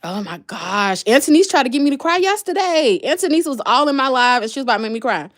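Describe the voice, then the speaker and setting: Chatty woman with lively pitch. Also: fast. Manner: chatty, reads and answers comments aloud. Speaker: livestream host. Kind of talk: casual livestream chat with viewers.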